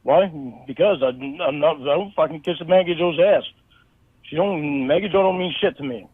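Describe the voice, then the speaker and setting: A man's voice: on the high side, moderate pace, husky, no echo. A man in a recorded phone call, angry and profane, stumbling over his words as he complains. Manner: angry, profane, stammering restarts. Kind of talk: heated phone conversation. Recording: tinny phone line recording.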